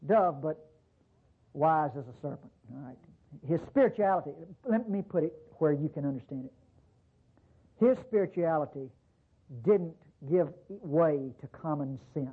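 A man's voice: high-pitched, breathy edge. A man preaching a sermon in a folksy way, with rhetorical questions and frequent restarts. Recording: tinny phone-like recording.

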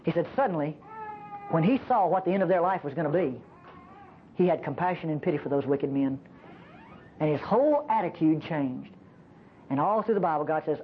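A woman preacher giving a sermon at a church service, emphatic and animated, often asking the congregation rhetorical questions. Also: low voice, a little fast, dull audio, a little hiss or hum.

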